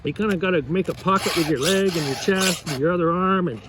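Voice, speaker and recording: A man's voice: high voice, fast talker, background noise. A man who runs a fishing lodge, giving rambling, folksy work advice while sharpening a chainsaw, chuckling as he goes. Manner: folksy, chuckling, repeats and restarts often.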